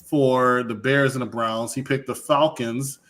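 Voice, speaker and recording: A man's voice: medium pitch, fairly even intonation, unhurried, fairly bright tone. A man hosting a sports talk show, playful, confident and teasing. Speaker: show host.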